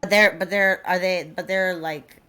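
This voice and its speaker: Low-voiced dry woman player. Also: steady tone, normal speed, bright, forceful tone. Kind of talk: playing a tabletop game in character. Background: faint background music.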